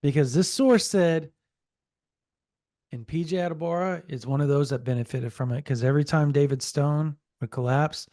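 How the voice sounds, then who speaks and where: A man co-hosting a sports podcast, telling a story in a casual, animated way and relaying a source's quotes. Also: fairly high pitch, normal speed, no echo, studio quality. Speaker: podcast co-host.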